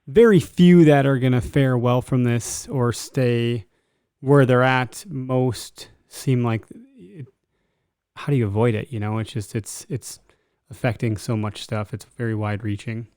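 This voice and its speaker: A man's voice: medium pitch, steady tone, a little slow, darkish tone, clear, resonant tone, dry recording, clean studio sound. A man hosting a casual interview, talking through his questions in a conversational way. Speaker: host. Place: Wisconsin.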